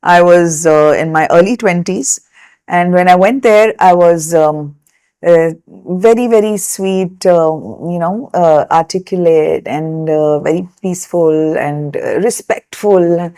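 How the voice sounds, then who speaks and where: Animated woman storyteller from India. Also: fairly low pitch, a little slow, smooth, no room sound. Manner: animated storyteller, laughs often. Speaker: singer, podcast guest. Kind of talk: conversational interview.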